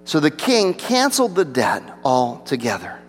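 Animated preaching man in an echoing hall. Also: normal speed. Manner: animated preaching, rising for emphasis and dropping to a low hush. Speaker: pastor. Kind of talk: sermon. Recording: long reverb of a large hall.

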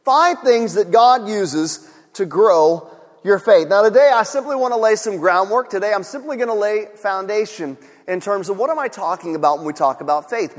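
High-voiced male pastor preaching in a hall. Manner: earnest, repeats key phrases for emphasis. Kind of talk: sermon.

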